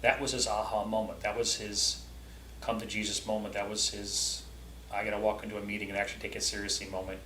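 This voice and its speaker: A man's voice: on the low side, level tone, quick pace, sharp tone, a little hiss or hum. Chatty man hosting a vlog, roomy echo. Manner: chatty, addresses viewers directly. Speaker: vlog host. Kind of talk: casual commentary.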